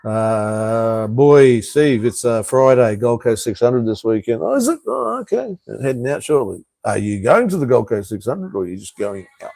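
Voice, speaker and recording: A man's voice: lowish voice, normal speed, few pauses, dark tone, dry recording. A middle-aged Australian man hosting a casual live stream, chatting with viewers as mate and brother and swearing freely. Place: home in Cambodia.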